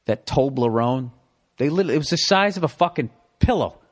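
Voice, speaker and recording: A middle-aged man with a Boston accent, hosting a podcast with a profane, animated comedic ramble. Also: mid-range voice, fairly quick. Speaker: podcast host.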